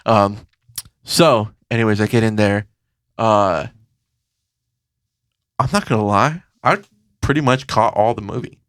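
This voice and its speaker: A man's voice: on the low side, a little slow, pauses often, a bit bright, smooth. A man co-hosting a podcast, telling a story in casual chat, swearing a lot and acting out the voices of the people in it. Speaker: podcast co-host.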